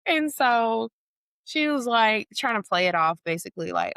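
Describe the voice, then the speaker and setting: A woman's voice: normal speed, clear, resonant tone, no echo, studio quality. A woman co-hosting a podcast, telling a story in casual chat, often saying "like" and acting out the people in it. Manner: animated storytelling, acts out quotes in a high voice; heavy use of "like" and "or whatever". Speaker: podcast co-host.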